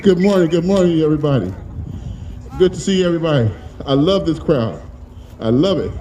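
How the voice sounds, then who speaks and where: A man with a fairly high voice rallies a crowd outdoors with a fiery, plain-spoken speech. He is a little out of breath and pushes toward shouting. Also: animated, fairly quick, noisy background. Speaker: union leader and rally speaker. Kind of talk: impassioned rally speech. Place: outdoor protest rally.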